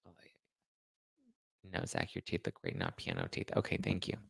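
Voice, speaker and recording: A young man chats casually with his livestream audience, reading comments and riffing on them in a rambling, self-deprecating way. His voice sits low with a gravelly edge and a faint lisp, recorded close in a dry space. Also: wildly swooping pitch, moderate pace, fairly bright tone, dry recording. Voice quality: slight lisp. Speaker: podcast host reading live chat.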